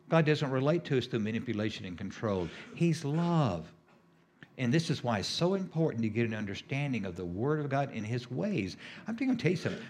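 A man's voice: mid-range voice, darkish tone, slight background noise. A middle-aged man preaching a sermon as a healing minister, emphatic and repetitive, with sudden rises on key phrases.

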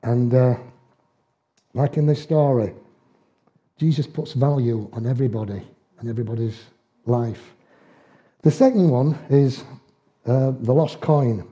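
A man's voice: medium pitch, measured pace, long pauses, dark tone. An older man preaching a sermon, telling homely stories in dialect with chuckles along the way. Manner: folksy storytelling with dialect and chuckles.

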